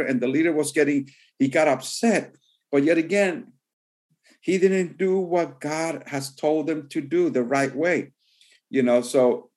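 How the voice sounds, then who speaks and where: A man, a pastor, teaching a sermon in a loose, conversational way, with many "you know" fillers, who slows down to read scripture verses. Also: mid-range voice, a little mellow. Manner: reads scripture verses slowly and deliberately.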